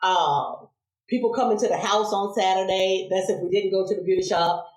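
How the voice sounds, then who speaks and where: A woman in her forties tells childhood stories as a podcast guest, animated and quick to laugh, and she acts out the voices of the people in them. Her voice sits at a middle pitch. A roomy echo hangs around it. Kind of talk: casual storytelling interview.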